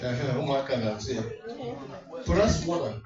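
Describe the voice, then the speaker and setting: At a community party, a man serving as comic MC works the crowd with playful teasing and lots of laughter, speaking at normal speed in a medium-pitched voice. It's captured by a distant mic in an echoey hall, giving a dull sound with music behind him.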